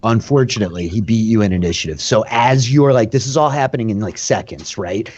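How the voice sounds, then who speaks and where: A man's voice: on the low side, fairly quick, a little mellow, lo-fi sound. A man narrating a tabletop game as dungeon master, talking loosely with lots of "like" and fillers.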